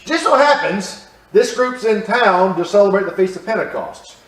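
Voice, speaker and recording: A high-voiced man leads a lively Bible class, often asking the group questions and repeating his points. He is recorded from across a roomy church hall with a clear echo. The mic sits well away from him. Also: normal speed, far from the mic. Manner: animated, asks the class questions, repeats phrases. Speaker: Bible study teacher. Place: church room.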